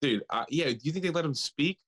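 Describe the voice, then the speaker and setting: Young man, podcast co-host, casual chat, profane, animated. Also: on the high side, quick pace.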